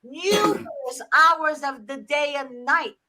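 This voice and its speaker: Bright-voiced emphatic woman host. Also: high voice, lively intonation, takes it slowly. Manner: emphatic, exasperated. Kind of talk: talk-show conversation.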